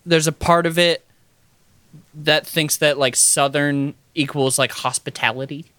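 A man's voice: a little high, fairly even intonation, unhurried, fairly bright tone, no echo. A man from the United States with an American accent, co-hosting a casual podcast chat, thinking aloud with hedges and fillers. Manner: thoughtful, hedging with fillers. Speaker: podcast co-host.

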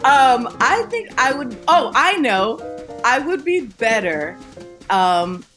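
A woman's voice: high-pitched, drawn-out words, soft background music. A young woman, a TV writer, chatting as a podcast guest, telling stories with swearing, laughter and acted-out voices. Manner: animated storyteller, acts out voices, swears, laughs. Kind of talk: casual podcast chat.

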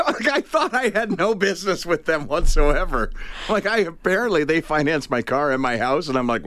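A man's voice: on the high side, sing-song, normal speed, bright, forceful tone, no echo. A man co-hosting a radio talk show, telling a story casually and acting out both sides of the conversation.

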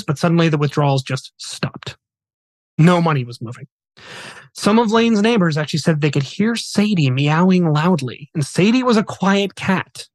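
A man's voice: fairly high pitch, no echo. A man hosting a podcast, retelling a true story in a casual, earnest, conversational way. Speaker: podcast host.

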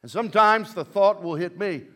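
A man preaching a sermon as pastor, swinging between loud emphasis and quiet asides, and leading his congregation in call and response. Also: high-pitched, normal speed.

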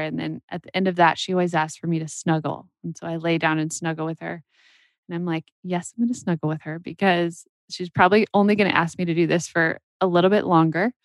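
A woman in her thirties with a slightly low voice chats conversationally and laughs easily as a podcast co-host. The sound is close and dry. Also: no echo. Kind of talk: casual podcast chat.

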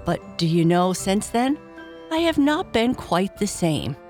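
A woman's voice: mid-range voice, very animated, measured pace, darkish tone, soft background music, pitched above the performer's own voice. A woman voicing a sweet, chatty little female sawdust doll in a storybook reading, cheerful and eager.

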